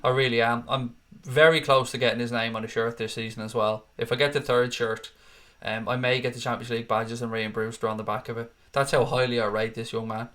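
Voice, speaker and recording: A man's voice: mid-range voice, level tone, brisk, a bit bright. A man, chatting casually as host of a live stream and reading out viewer comments. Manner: chatty, casual, swears freely.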